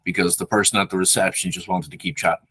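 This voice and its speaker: A man's voice: low-pitched, fairly even intonation, fast talker, fairly bright tone, breathy edge, no echo. A man with a Dublin Irish accent hosting an interview, asking long, thoughtful questions and searching for the right words. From Ireland. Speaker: podcast host, interviewer. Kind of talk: casual interview conversation.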